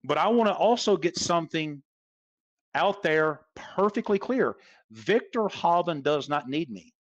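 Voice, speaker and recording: A man's voice: on the high side, animated, a little slow, dry recording, dull audio. Emphatic man, blunt and repetitive. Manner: emphatic, repeats points for stress. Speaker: golf instructor, podcast guest. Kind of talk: casual podcast interview.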